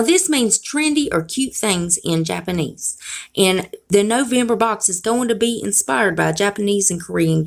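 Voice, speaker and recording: Gravelly-voiced Southern woman vlogger. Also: medium pitch. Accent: Southern US (South Carolina). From South Carolina, US. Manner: folksy, chatty, playfully sassy. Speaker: beauty YouTuber. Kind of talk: casual vlog chat.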